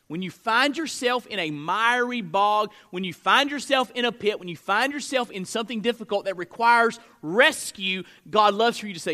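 A male pastor preaches a sermon to a live congregation in a church room, his high-pitched voice expressive, bright and forceful at normal speed with few pauses. He's emphatic yet conversational, frequently checking in with "right?".

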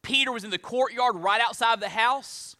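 A male pastor preaching a sermon, swinging between raised emphasis and hushed, slowed phrases. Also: very high-pitched. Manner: dynamic preaching, drops to hushed tones for emphasis.

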